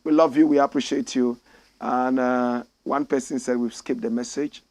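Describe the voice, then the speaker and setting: A middle-aged man with a Ghanaian English accent, hosting a political commentary show with fiery, preaching delivery that climbs to shouts. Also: medium pitch, fairly even intonation, moderate pace, dry recording.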